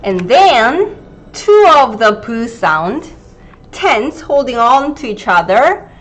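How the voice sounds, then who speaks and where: A woman in her thirties with a Gyeongsang Korean accent, teaching a live online language lesson and drilling pronunciation slowly and carefully. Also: fairly high pitch, very animated. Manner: slow, careful pronunciation drills, reading viewer comments.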